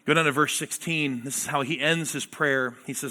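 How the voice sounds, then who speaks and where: Guy preaching a sermon, highish sharp voice, reads the verses out then explains, goes big and loud then drops real quiet. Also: fairly even intonation, a little fast. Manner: reads scripture aloud and explains it with swings from loud emphatic to hushed. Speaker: pastor.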